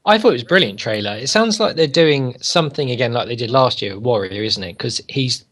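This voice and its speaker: A man's voice: mid-range voice, expressive, fast, a bit bright. A man co-hosting a casual wrestling chat, playful and joking, often tagging his lines with questions. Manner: playful, joking, asks many tag questions. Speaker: co-host.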